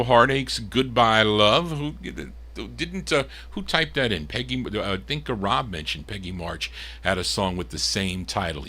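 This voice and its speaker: A man hosting a live record show, chatting between songs and pausing on fillers as he gives details. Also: fairly low pitch, sharp tone. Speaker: radio-style record show host.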